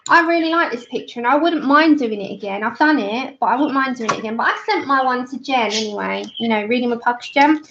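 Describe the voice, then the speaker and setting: This colouring livestream host, a woman in her 30s, chats while she colours and tells a story with frequent laughter, performing the quoted voices herself. Her voice is a little high and fairly bright, though the recording is muffled with some hiss or hum.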